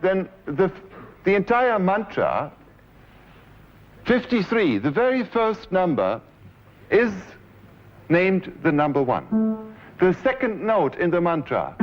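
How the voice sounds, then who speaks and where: A man with a German accent lectures in a fairly high voice, explaining a composition point by point and calling on the players to demonstrate. The 1970s recording sounds dull and muffled, with faint piano music around him. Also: sing-song, slow pace, pauses often. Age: 40s. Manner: explains step by step, directs players, hums and sings example phrases.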